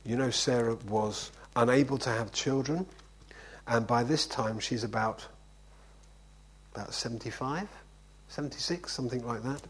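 Husky man giving a chatty sermon. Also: mid-range voice, moderate pace, long pauses, rough recording. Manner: conversational, keeps asking "okay?". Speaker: preacher. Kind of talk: informal sermon.

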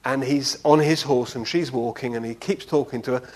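A man's voice: mid-range voice, normal speed. A man preaching a conversational sermon. He tells anecdotes and often checks in with his listeners. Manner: animated storyteller, often checking in with "yeah?".

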